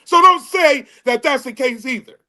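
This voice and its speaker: High-voiced stammering man on a call. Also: normal speed, a crowd in the background. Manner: animated, stammering restarts. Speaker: comedian panelist. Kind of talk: casual podcast debate. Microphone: remote video call.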